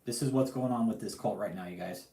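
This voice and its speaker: A man's voice: on the low side, quick pace, creaky, warm tone, roomy sound. A man hosting a livestream, ranting angrily and profanely, repeating himself and calling out his target directly. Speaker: livestream host. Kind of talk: heated livestream rant.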